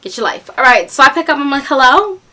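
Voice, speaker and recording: A young woman from New York telling a storytime vlog, animated and chatty, with lots of fillers, acting out the voices as she goes. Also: high-pitched, very fast. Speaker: vlogger.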